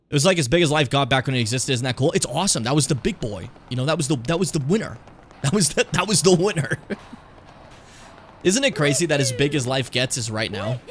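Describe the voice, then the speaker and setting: A man streaming a game who rambles and rants with plenty of swearing and sarcasm. His voice sits a little high for a man. Game music plays clearly underneath. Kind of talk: casual gameplay commentary.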